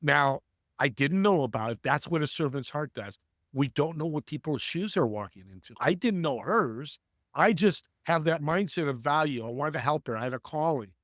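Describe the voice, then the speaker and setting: A man as a podcast guest and networking coach, telling stories in an energetic, preachy way and speaking straight to the audience. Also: fairly high pitch, normal speed, no echo, clean studio sound. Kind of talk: conversational storytelling.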